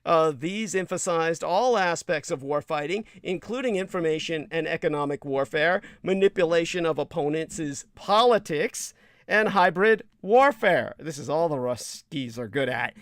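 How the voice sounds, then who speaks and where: A man's voice: a little high, animated, normal speed, a bit bright, no echo, clean studio sound. A man hosting a livestream, reading quotes aloud and breaking into profane, scornful rants. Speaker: livestream host.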